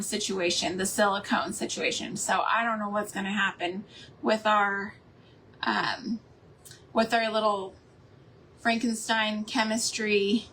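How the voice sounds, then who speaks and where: A woman's voice: on the high side, fairly bright tone, slight background noise. A woman hosting a live crafting stream from her home, chatting in a rambling way and laughing often. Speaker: craft livestream host. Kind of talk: casual chat while crafting live.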